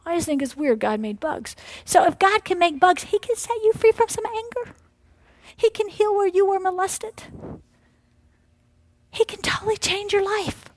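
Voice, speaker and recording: A middle-aged woman preaching a sermon in a high, bright register. She swings between hushed whispers and loud, emphatic cries, acting out the devil's taunts and God's answers. The sound is dry and close, with little room around it. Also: expressive, normal speed, no echo.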